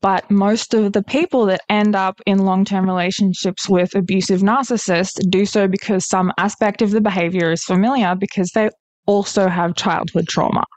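A woman hosting a casual conversation, agreeable and quick to affirm, often saying "yeah". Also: medium pitch, steady tone, no room sound. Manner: agreeable, frequent affirming interjections. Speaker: host.

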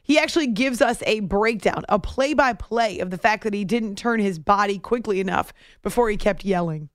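A woman's voice: mid-range voice, normal speed, hardly any pauses, no room sound, clean studio sound. A woman hosting a sports talk segment, chatty and wry, commenting on basketball news. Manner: chatty, wry, laughs between points.

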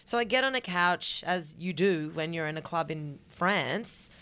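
A woman's voice: fairly low pitch, animated, unhurried, bright, forceful tone, clean tone. A young Australian woman hosting a podcast, giving candid advice and telling a story in a chatty style, swearing freely. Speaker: podcast host.

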